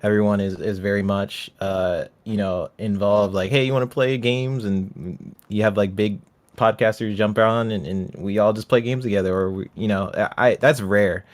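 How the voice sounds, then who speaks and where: A man who is a panelist on a gaming podcast, talking in a casual chat with a halting, hesitant manner. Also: on the low side, fairly even intonation. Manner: hesitant, halting, laughs lightly.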